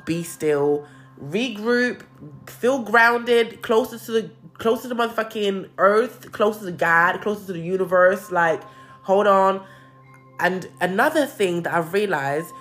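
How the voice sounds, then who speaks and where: A young woman venting in a casual monologue, candid and expressive, swearing freely. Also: sits low.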